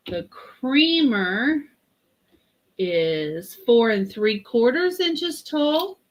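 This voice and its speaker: Slow-talking woman hosting a vintage sale. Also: a little high, fairly bright tone. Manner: unhurried, chatty, reads out measurements. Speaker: host of a live vintage sale. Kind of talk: live-stream sales pitch.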